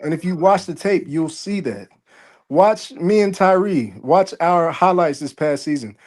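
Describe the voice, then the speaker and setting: Confident male football player guest, slightly high-pitched, casual. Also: measured pace, darkish tone. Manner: confident, self-assured. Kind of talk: casual interview chat.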